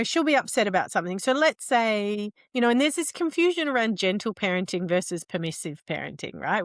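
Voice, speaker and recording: A woman's voice: mid-range voice, no echo, clean studio sound. A middle-aged woman, a guest on a podcast interview, explaining earnestly with frequent restarts and tag questions. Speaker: guest, entrepreneur.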